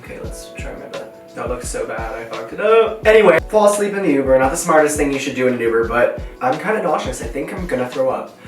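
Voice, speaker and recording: A young man vlogger tells a story while doing his makeup along with a tutorial, talking fast in a mid-range voice and animatedly acting out voices. He sounds distant and off-mic in an echoey room, with faint music playing.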